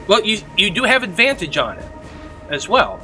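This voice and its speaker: A game master narrating a tabletop game in a relaxed, easygoing way. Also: medium pitch, normal speed, soft background music.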